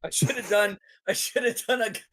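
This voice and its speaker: A man joking around as a player in a tabletop game, playful and quick. His voice sits a little high for a man. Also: fairly bright tone. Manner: jokey, playful.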